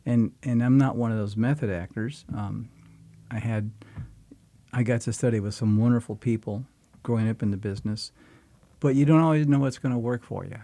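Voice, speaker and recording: A man's voice: mid-range voice, brisk, mellow, dry recording. An older man, a guest actor, telling a rambling, folksy story in casual conversation.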